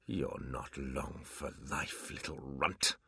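A man's voice: medium pitch, very animated, a bit bright, dry recording, studio quality, voice pushed up, full character voice. A man voicing an unhinged male demon leader who roars and drags out his threats in a storybook reading. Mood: menacing. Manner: roaring, drawn-out threats.

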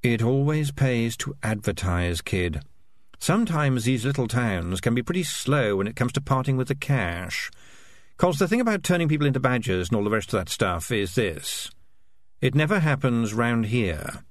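A man voicing a cynical, smooth-talking piper with a low, wry, conspiratorial drawl. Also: very animated, moderate pace, no room sound, close to an everyday voice.

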